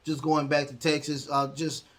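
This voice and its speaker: A man's voice: a little high, level tone, moderate pace, fairly bright tone. A man hosting a podcast, recapping wrestling matches in a rambling way with lots of ums and uhs. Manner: rambling, heavy fillers, acts out quotes. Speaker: podcast host.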